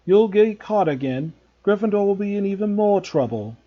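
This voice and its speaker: A nervous schoolboy who digs his heels in, as a man voices him for a storybook reading. His voice is raised and husky, and he speaks slowly and haltingly, with insistence. The sound is muffled and lo-fi. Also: high voice, lively intonation, voice pushed up. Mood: defiant. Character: anxious stubborn schoolboy standing his ground.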